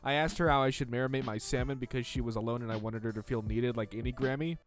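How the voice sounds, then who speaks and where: A man's voice: medium pitch, fairly even intonation, fast talker, faint music behind, close to an everyday voice. A man voicing a sweet, chatty little old grandmother who gushes. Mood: gushing. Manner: gushing, chatty.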